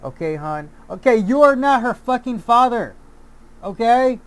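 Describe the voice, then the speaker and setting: A man's voice: very high-pitched, measured pace, a bit bright. A man delivering a heated, profane commentary rant, often repeating himself and restarting his sentences. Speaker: YouTube commentator. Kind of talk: angry ranting commentary.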